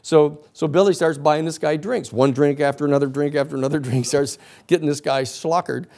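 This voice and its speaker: A male lecturer spinning a long story for a class. His telling is rambling and animated, full of fillers and restarts. His voice sits fairly high for a man. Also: fairly quick.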